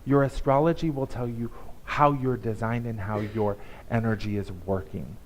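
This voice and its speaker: A man giving a conversational, emphatic sermon at a church service, with pauses and restarts. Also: medium pitch, steady tone, a little hiss or hum, rough recording. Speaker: guest speaker.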